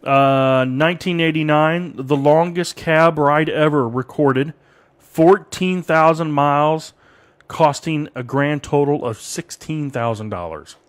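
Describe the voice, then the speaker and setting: A man's voice: fairly high pitch, takes it slowly. Chuckling man reading dates on radio. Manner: reads date facts with chuckles. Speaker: radio show host. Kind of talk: casual on-air chat. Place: radio studio streamed live.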